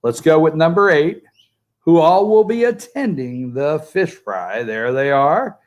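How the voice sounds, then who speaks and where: Calling in remotely from outdoors beside a pool, a man delivers joking, sarcastic political commentary full of opinion. His voice is a little high and animated, and he keeps a measured pace.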